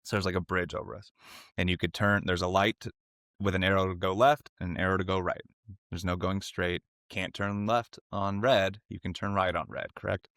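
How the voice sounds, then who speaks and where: A man's voice: moderate pace, dry recording, clean studio sound. A man co-hosting a podcast, telling a story in casual chat, laughing often and acting out others' lines. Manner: animated storyteller, acts out quotes in high voices, laughs often. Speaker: podcast co-host.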